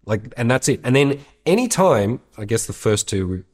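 A man's voice: mid-range voice, big pitch swings, normal speed, a little mellow. A man hosting an advice show, talking through a listener's question in a blunt, candid way with casual swearing.

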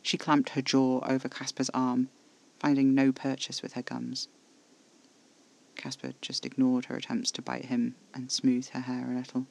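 A man narrating a first-person horror audio drama in a measured, intimate storytelling manner. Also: mid-range voice, vocal fry.

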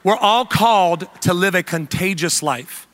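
A man preaching a humorous sermon as pastor, animated and joking with the congregation. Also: high voice, measured pace.

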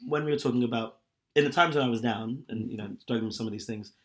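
A man's voice: medium pitch, fast, a bit bright. A young man chatting candidly and at length, rambling with lots of fillers. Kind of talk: casual chat.

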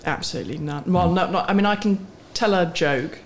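A woman's voice: on the low side, a little fast, slight background noise. Frank, self-mocking woman guest. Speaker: guest, chief executive of a motorsport series. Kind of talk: casual podcast interview.

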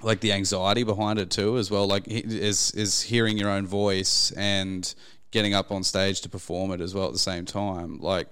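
A man's voice: sits low, level tone, moderate pace, fairly bright tone, smooth. A man, hosting a podcast, rambling casually with plenty of fillers and swearing. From Australia. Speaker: podcast host. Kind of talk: casual chat.

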